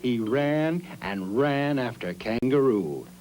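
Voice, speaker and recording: Man, storyteller, sing-song rhythmic narration, slow, lively pitch, music underneath. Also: rough recording. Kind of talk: scripted children's story narration.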